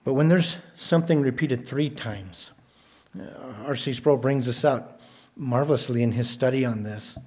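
A man's voice: medium pitch, a little mellow. Emphatic male preacher mid-sermon. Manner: emphatic, repeats words for stress, measured delivery. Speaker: pastor.

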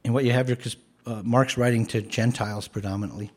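A man with a husky, slightly breathy voice preaches an earnest sermon. He explains scripture plainly, then rises to forceful declarations before easing back to a gentle tone. His pitch sits in a normal middle range. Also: fairly even intonation, fast talker. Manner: earnest, rises to emphatic commands then drops soft.

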